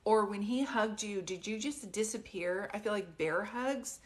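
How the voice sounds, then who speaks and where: Woman, psychic medium on a live stream, gentle and questioning, mid pitch, close phone mic. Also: unhurried. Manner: soft, consoling, often asks questions. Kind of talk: live-stream reading, casual and chatty.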